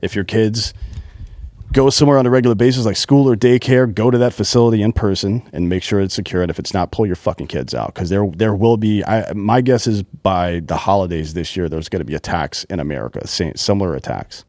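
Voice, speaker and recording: Blunt, profane man with a deep dark voice. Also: brisk, hardly any pauses, no room sound, clean studio sound. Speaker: podcast co-host. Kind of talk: casual chat.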